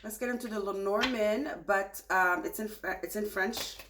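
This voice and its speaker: A woman giving a casual tarot reading, speaking softly and soothingly and turning animated when she gets excited. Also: mid-range voice, normal speed, very noisy. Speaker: tarot reader.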